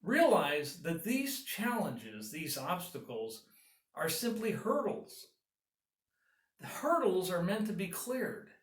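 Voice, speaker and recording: A man's voice: high voice, sing-song, takes it slowly. Consultant guy talking through steps, earnest and upbeat, sounds a bit far off in an echoey room. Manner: earnest, encouraging, lists steps. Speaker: business consultant. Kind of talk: advice talk to camera.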